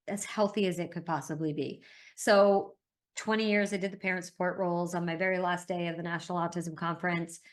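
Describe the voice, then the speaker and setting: A middle-aged woman talking as a guest in an interview, telling stories in an emphatic, animated way. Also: fairly low pitch. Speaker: interview guest, parent advocate. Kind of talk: conversational interview.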